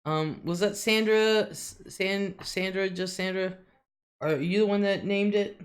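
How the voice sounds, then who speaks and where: A woman's voice: medium pitch, a little slow, clean tone. A middle-aged woman hosting a casual livestream, reading out viewer comments and laughing often. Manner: chatty, laughs often, drawls some words. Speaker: livestream host.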